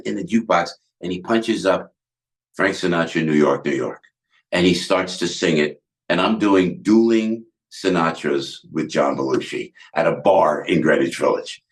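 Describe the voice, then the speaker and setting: An older man with a New Jersey accent, a guest telling animated backstage stories, jumping into character voices as he acts out scenes. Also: normal speed. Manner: lively, acts out other people's lines with big pitch jumps. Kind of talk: animated storytelling.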